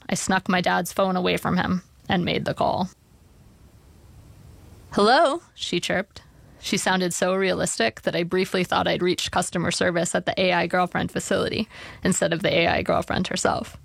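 A woman's voice: on the low side, flat delivery, brisk, creaky, dry recording. A woman narrating a personal essay in a wry, dry storytelling manner. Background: soft guitar music.

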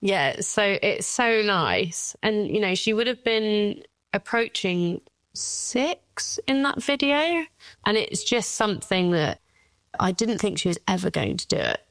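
A woman's voice: mid-range voice, animated, measured pace, a bit bright, no echo. A woman in her thirties, a guest mother speaking candidly about her daughter, at times tearful, with light laughs. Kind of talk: emotional personal interview.

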